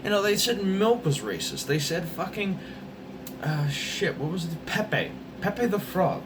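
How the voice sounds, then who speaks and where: Young male vlogger, lively swearing rant, noisy vehicle sounds behind. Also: medium pitch. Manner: animated, swearing, jumps between topics. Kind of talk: profane rambling rant.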